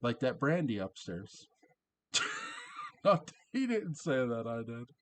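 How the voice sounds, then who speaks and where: A man's voice: mid-range voice, huge pitch swings, takes it slowly, fairly bright tone. Chatty man recapping an old episode. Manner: chatty, laughing, quotes lines in character. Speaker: show reviewer.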